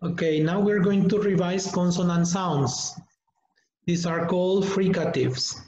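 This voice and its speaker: A man teaching English pronunciation in an online webinar, modeling words slowly and deliberately for students to repeat. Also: high-pitched, a little mellow, slight background noise. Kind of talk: online webinar lesson, drilling sounds. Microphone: computer mic on a video call. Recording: echoey, dull lo-fi webinar audio.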